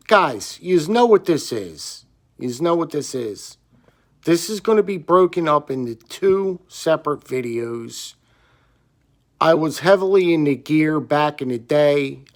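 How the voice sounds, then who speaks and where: A man telling a rambling, excitable story about buying a flashlight. He sounds slightly hoarse and repeats himself often. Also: on the high side. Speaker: gear reviewer. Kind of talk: casual storytelling vlog.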